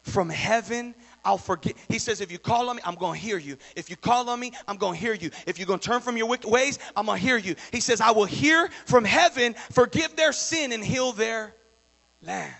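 A male preacher delivering a sermon, moving from quiet storytelling to shouted exhortation. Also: high voice, normal speed, vocal fry, long reverb tail. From Texas.

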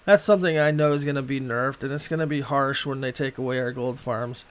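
A man's voice: medium pitch, steady tone, fairly quick. A middle-aged man from Boston chatting casually on a gaming livestream, rambling with plenty of filler and swearing freely. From Boston, USA. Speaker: game streamer.

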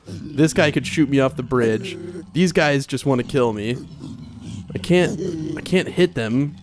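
A man's voice: mid-range voice, measured pace, pauses often, background noise. A young man hosting a video game let's play, chatting casually and yelping with repeated words when things go wrong. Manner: animated, yelps and repeats himself when panicked. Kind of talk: excitable gameplay commentary. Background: soft game music.

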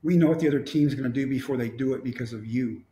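A man's voice: mid-range voice, fast, mellow. A middle-aged man from Texas, telling a personal story in a wry way with quoted dialogue. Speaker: motivational speaker. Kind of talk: storytelling talk. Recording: echoey room.

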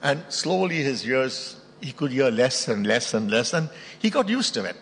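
A man's voice: medium pitch, very animated, normal speed, breathy edge. A man preaching a sermon as pastor, telling stories and repeating phrases for emphasis. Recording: long hall reverb.

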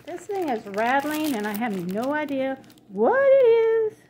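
Woman, chatty crafting vlogger, gushing, fairly high voice, faint background hiss. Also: very animated, unhurried. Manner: chatty, gushing, easily delighted. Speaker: crafting vlogger opening happy mail. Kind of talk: casual chat. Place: at home. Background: paper crinkling, dogs in the house.

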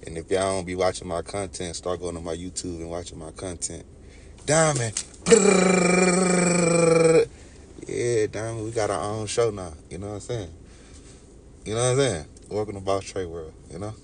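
A man's voice: deep voice, a little fast, a little hiss or hum. A young man with a Texas accent, just woken up, chatting casually with his livestream viewers and greeting them by name. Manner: laid-back, talks to chat by name. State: just woke up, sipping coffee.

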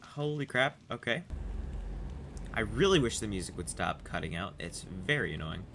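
A man giving casual gameplay commentary, excitable and chattering to his character, over noticeable background noise. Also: on the low side, normal speed, creaky. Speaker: gaming channel host.

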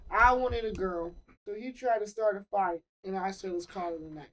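A man's voice: high-pitched, moderate pace, a bit bright, recorded from a distance, slight background noise. A man in a casual songwriting session, trying out lyric lines by half-singing them between remarks. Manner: half-sings lyric ideas between chat. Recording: guitar music playing behind.

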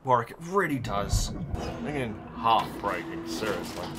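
A man's voice: fairly low pitch, big pitch swings, a little slow. A man hosting a reaction channel, talking in a casual, emotional and rambling way with lots of restarts.

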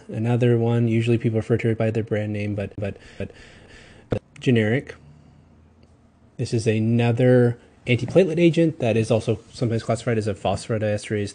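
A man with a Southern accent talks through a recorded pharmacology lecture at a middle pitch. He rambles casually, corrects himself mid-sentence and adds quick asides. A faint hiss of background noise runs under the voice. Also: warm tone. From Texas.

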